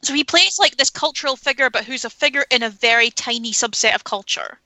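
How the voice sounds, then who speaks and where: Bright-voiced, opinionated woman. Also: on the high side, fairly quick, no room sound, low-quality recording. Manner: opinionated, candid, swears freely. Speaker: film podcast panelist. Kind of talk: casual chat.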